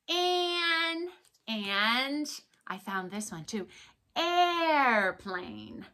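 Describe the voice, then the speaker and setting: A young woman teaching letters to small children in an encouraging, sing-song way, slowing down and exaggerating her words. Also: sits high, bright, forceful tone. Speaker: preschool teacher.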